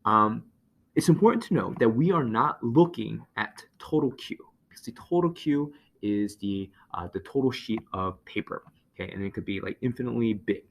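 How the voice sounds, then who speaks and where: A man explaining physics in a relaxed lecture, his low voice slipping into gravelly fry. He thinks out loud, pausing on fillers and correcting himself as he goes. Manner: thinks aloud with many fillers and self-corrections. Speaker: physics teacher. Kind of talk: lecture over a whiteboard.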